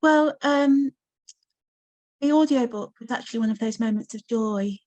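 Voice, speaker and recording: A woman being interviewed as a novelist, answering thoughtfully with hesitant pauses. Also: a little high, a little mellow, lo-fi sound. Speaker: novelist guest. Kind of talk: interview conversation.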